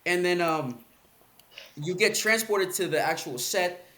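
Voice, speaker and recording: A man's voice: high-pitched, expressive, unhurried, pushed and bright, a little hiss or hum. A man, a podcast guest, telling a story casually in a laid-back, slangy way with plenty of swearing. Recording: roomy podcast room.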